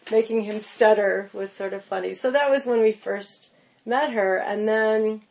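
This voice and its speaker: A middle-aged woman chatting as a podcast guest, spinning animated anecdotes packed with "like" and "you know". Her voice sits at an ordinary pitch for a woman and moves easily between quick asides and slower emphasis. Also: gravelly. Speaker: pastry chef, podcast guest. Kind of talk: casual interview storytelling.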